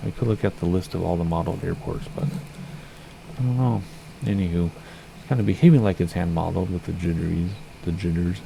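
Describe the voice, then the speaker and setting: A man streaming a flight simulator, chatting casually and rambling, with a slightly hoarse voice. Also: low voice, a little fast, warm tone, slight background noise. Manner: chatty, rambling, self-correcting. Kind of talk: casual gameplay commentary.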